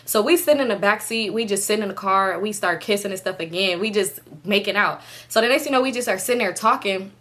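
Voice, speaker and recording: A young woman vlogger telling a casual storytime, chatty and animated, swearing freely and laughing often. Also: mid-range voice, fast, hardly any pauses.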